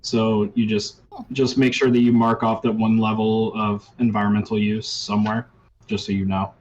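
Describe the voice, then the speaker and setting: A man running a tabletop role-playing game as game master, talking in a relaxed way with many ums and uhs. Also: lowish voice, normal speed, highs cut off, a little hiss or hum.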